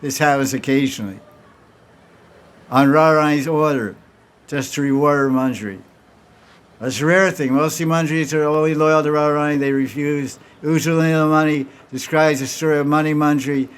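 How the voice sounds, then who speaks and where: This male spiritual teacher has a fairly high, smooth voice with fairly even intonation and a brisk delivery. At a devotional gathering he tells a story, acts out the dialogue and frequently restarts, in a lecture that takes questions.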